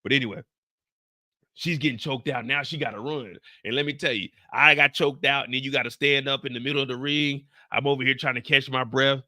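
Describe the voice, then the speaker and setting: A man's voice: medium pitch, fairly even intonation, fairly quick, bright, forceful tone, dry recording, clean studio sound. A man hosting a live TV episode recap, telling the story in a profane, slangy way and acting out scenes with sound effects and his own anecdotes.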